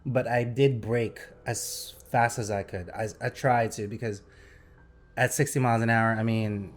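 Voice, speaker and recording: A young man in casual podcast chat, telling a story in an animated, excitable way and acting out sound effects. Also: mid-range voice, measured pace, faint music behind. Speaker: podcast host.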